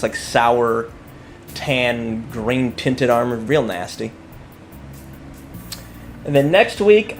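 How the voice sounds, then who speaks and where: Man, casual stream chat, painting while talking, joking, rambling, faint background music. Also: mid-range voice. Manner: joking, rambling, thinking aloud as he works.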